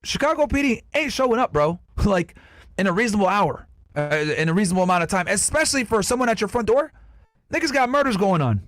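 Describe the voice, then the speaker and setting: High-pitched combative man, dry sound. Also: expressive, quick pace, a bit bright, no echo. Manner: mocking, combative. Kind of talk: casual argumentative chat.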